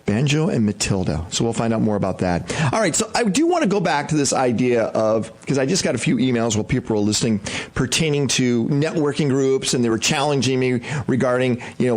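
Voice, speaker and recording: A male talk radio host speaking in a loose, chatty way. He drifts from point to point and thinks out loud, with plenty of ums and uhs along the way. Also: mid-range voice. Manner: rambling, chatty, thinking aloud with fillers. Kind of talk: casual talk radio hosting.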